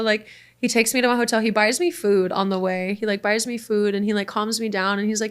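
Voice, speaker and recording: A young woman guest in casual conversation, telling a story in an animated way and acting out the voices of the people in it. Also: medium pitch, fairly quick, smooth. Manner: animated, acts out voices in her stories.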